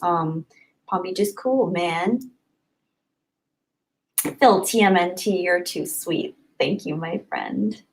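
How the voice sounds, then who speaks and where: A woman hosting a casual livestream, chatty and upbeat, thanking viewers by name and often trailing off softly. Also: lowish voice, slow, long pauses, a little hiss or hum, rough recording. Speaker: livestream host. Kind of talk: casual live chat reading comments.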